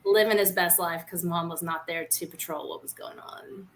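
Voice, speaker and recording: With a fairly low, slightly bright voice, she speaks at a moderate pace in a steady tone. The podcast co-host, originally from a small U.S. town, shares frank and playful stories during a casual conversation.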